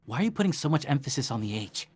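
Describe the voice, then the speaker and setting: A man's voice: medium pitch, very animated, very fast, darkish tone, breathy edge. A man voicing an adult male talking cartoon dog who questions everything in baffled exasperation. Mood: exasperated.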